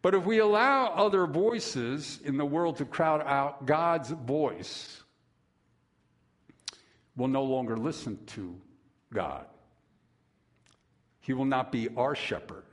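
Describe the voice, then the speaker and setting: A male pastor delivering a sermon at an unhurried, deliberate pace. He leans on long pauses and lets his stories build with lively, dramatic turns. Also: mid-range voice. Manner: slow, measured preaching with dramatic pauses and lively storytelling.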